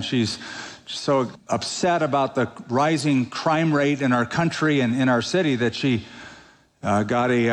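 A man preaching a sermon, emphatic, with slow, deliberate phrases. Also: mid-range voice. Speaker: pastor. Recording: long reverb of a large hall.

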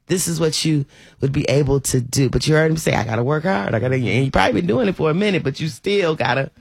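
A woman hosting a talk show, chatting in an animated, preachy, folksy way. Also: sits low, fast, gravelly, breathy edge, no room sound. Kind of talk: casual talk show chat.

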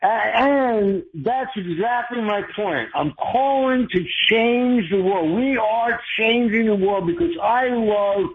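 A man calling in to a radio show, excitable and effusive as he talks. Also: high voice, slow pace, hardly any pauses, narrow, tinny audio. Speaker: caller. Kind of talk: call-in radio chat.

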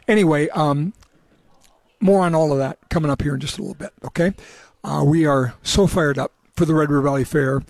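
A man's voice: fairly high pitch, normal speed, long pauses, darkish tone, no echo. A man hosting a radio talk show on location at an indoor event, chatting casually and rambling a little. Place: indoor event at a city hall.

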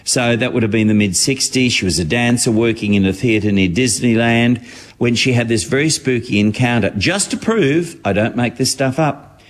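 A man's voice: mid-range voice, normal speed, a little hiss or hum. A man chatting wryly on the radio as a regular showbiz correspondent. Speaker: entertainment correspondent. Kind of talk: casual radio chat.

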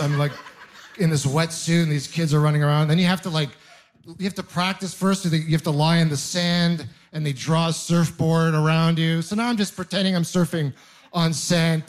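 A man in his thirties doing a conversational, self-deprecating stand-up routine with rambling asides. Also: on the high side. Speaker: stand-up comedian. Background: audience laughter.

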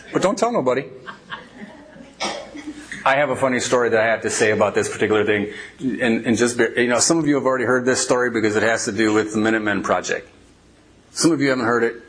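Animated storytelling male pastor. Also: on the low side. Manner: animated storyteller, laughs while telling. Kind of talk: sermon with storytelling.

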